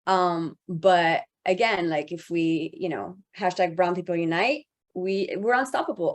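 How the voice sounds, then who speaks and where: Passionate low-voiced woman panelist. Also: measured pace, few pauses. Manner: passionate, rambling with many restarts. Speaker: panelist, voice actor. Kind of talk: panel discussion.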